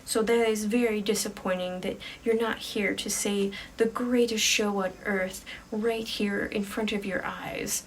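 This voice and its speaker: A woman voicing an odd, eager male carnival ticket clown with a showman-like, drawn-out, coaxing manner. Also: mid-range voice, fairly even intonation, distant mic, a little hiss or hum, natural voice.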